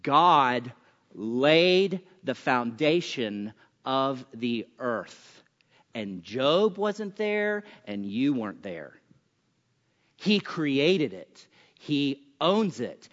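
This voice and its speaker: This chapel preacher has a mid-range, fairly bright voice with big pitch swings and drawn-out words. His conversational sermon is packed with punchy rhetorical questions and sarcastic remarks, captured in a reverberant hall that sounds dull.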